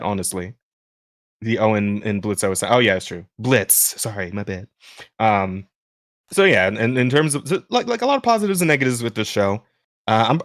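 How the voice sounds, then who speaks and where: A man with a smooth voice hosts a podcast in loose, casual chat at a middle pitch. He talks in rambling runs full of restarts and fillers, often laughing mid-sentence. The recording is dry, with no room sound. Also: a bit bright, dry recording. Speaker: podcast host.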